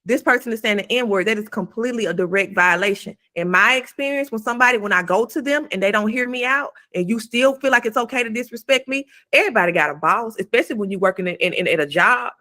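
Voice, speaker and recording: A woman's voice: a little high, fast talker, few pauses, sharp tone. A woman co-hosting a podcast, giving blunt, emphatic advice in casual talk and swearing freely. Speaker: podcast co-host.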